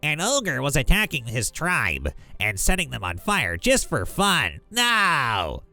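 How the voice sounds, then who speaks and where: A man doing a nasal little goblin, panicky and scrawny, in a storytelling reading. His pitch leaps wildly between high and low, and he drags the words out slowly in a piercing, bright tone. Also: wildly swooping pitch, soft background music, heavily acted. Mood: panicked.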